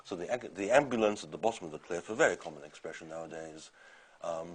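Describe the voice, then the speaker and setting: An older man teaching a lecture course in a relaxed, rambling way, pausing on "um" and restarting his sentences. His voice sits a little low. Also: a little hiss or hum. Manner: conversational, hesitant with fillers and restarts. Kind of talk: university lecture.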